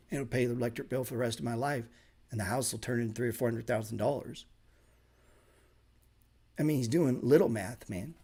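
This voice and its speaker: A man's voice: medium pitch, creaky, darkish tone, breathy edge. A man in an everyday middle-range voice runs a casual live trading class. He talks bluntly and swears freely for emphasis. He throws in sarcastic asides. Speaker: trading teacher.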